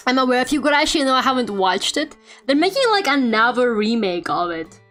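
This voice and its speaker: A woman's voice: high voice, big pitch swings, a little fast. A young woman streamer chatting casually and playfully while she draws, with lots of fillers and joking rants. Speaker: streamer and artist. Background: quiet game music playing.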